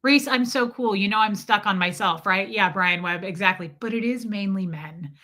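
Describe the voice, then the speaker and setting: A woman's voice: medium pitch, moderate pace, bright, forceful tone. A woman from the US Midwest hosting a casual live stream, chatting sarcastically with viewers. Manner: sarcastic, ranting, throws in mocking impressions.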